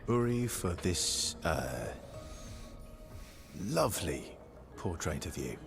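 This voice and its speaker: A man's voice: low-pitched, big pitch swings, slow pace, vocal fry, over music, full character voice. An actor voicing a hesitant, dry-witted young male companion in a video game, stammering a little. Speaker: game character.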